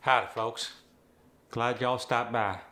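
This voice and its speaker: A man voicing an easygoing rural Tennessee man who tells stories slowly, with an Appalachian accent. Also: mid-range voice, steady tone, bright, forceful tone. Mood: relaxed drawl. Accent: Appalachian (East Tennessee). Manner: slow, drawn-out porch storytelling.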